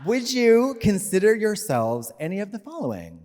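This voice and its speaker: A man's voice: high voice, very animated, moderate pace, a little mellow. A man co-hosting a live comedy podcast on stage, rambling with lots of fillers and swearing. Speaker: co-host. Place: live stage show in a venue. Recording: reverberant live venue, faint noise.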